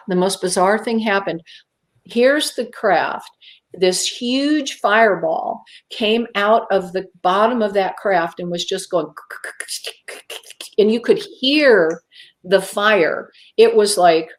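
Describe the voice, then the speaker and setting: A woman guest telling a personal story on a talk show, emphatic and vivid, with dramatic pauses and acted-out inner voices. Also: mid-range voice. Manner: vivid storyteller who acts out her own inner voices.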